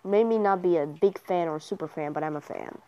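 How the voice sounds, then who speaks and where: A woman's voice: fairly low pitch, normal speed, mellow. A young woman commentating her mobile game casually, cheering and trash-talking other players. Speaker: gamer commentator.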